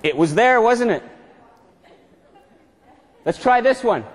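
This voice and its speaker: A fairly high-pitched man delivers a motivational seminar to a live audience, joking around and firing questions back at the room. His voice rings out with a long reverb tail from the lecture hall. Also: sing-song, a little slow, pauses often, some chatter behind. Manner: playful, keeps quizzing the audience. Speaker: management consultant giving a seminar.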